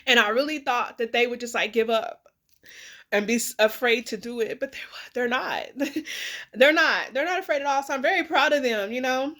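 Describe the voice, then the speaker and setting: A woman's voice: fairly high pitch, moderate pace, fairly bright tone. A woman in a candid, emotional personal vlog, tearful and rambling with many fillers, speaking. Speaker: vlogger.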